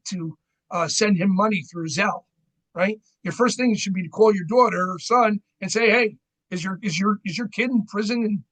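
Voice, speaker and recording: A middle-aged man from New Jersey, a credit union fraud educator, gives a seminar on fraud. He chats conversationally with the audience, constantly asking "right?", in a high-sitting voice on a rough recording.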